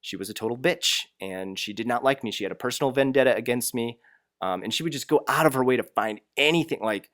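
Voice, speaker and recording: A man's voice: medium pitch, animated, quick pace, no room sound, studio quality. A young man who teaches English, giving blunt and frank workplace advice in a casual vlog, ranting and swearing freely.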